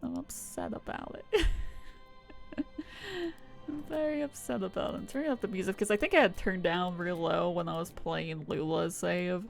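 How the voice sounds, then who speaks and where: A woman's voice: fairly low pitch, moderate pace, vocal fry, soft background music. A young adult woman streamer chatting casually, rambling with frequent swearing and laughter. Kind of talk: casual live-stream chat.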